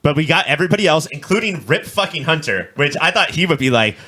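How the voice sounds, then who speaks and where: A man's voice: fairly high pitch, sing-song, fast talker, sharp tone. A young adult man co-hosting a podcast, talking bluntly and profanely in casual, ranting chat. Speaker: podcast co-host. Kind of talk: casual chat about a TV show.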